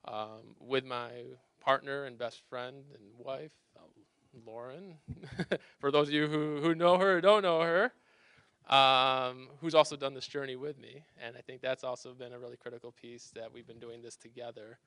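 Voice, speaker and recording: Guy telling a story at a campus lounge, chatty and self-deprecating, lots of quick restarts, smooth clear voice, dry sound. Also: medium pitch, steady tone, a bit bright, no room sound. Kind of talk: live personal storytelling.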